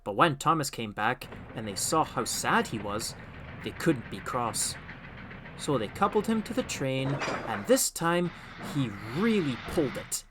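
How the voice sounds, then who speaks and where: A man narrating a storybook audiobook with expressive, animated storytelling. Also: medium pitch, a little slow, noisy background.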